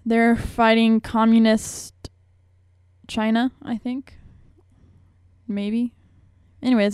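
A woman's voice: on the high side, little pitch movement, takes it slowly, long pauses, darkish tone, clean tone, no room sound, clean studio sound. A young woman hosting a radio show, talking in a rambling, chatty, self-mocking way. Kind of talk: casual chat.

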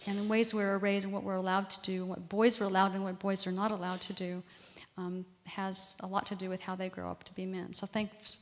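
A woman answering audience questions at a public talk, explaining at length with fillers. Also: medium pitch. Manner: explanatory, long-winded, fluent with fillers. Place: community center hall. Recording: reverberant hall.

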